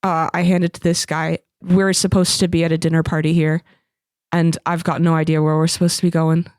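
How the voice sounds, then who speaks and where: A woman's voice: low-pitched, level tone, brisk, a little mellow, no echo, studio quality. A woman playing a tabletop game, chatty and laughing, who says "wee bit" and "me darling". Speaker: player.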